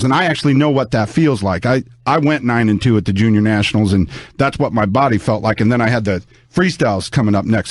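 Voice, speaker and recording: A man's voice: mid-range voice, no echo. A man talking casually on a podcast, rambling and swearing, sounding sore and worn out. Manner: rambling, profane, restarts often.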